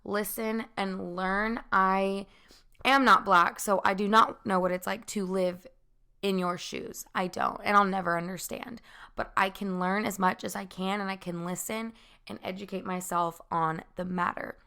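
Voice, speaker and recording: Raspy hoarse young woman podcaster. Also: medium pitch, level tone, a little slow. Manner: chatty, rambling, talks loud. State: hoarse from talking loud. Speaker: podcast host. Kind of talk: casual chat podcast.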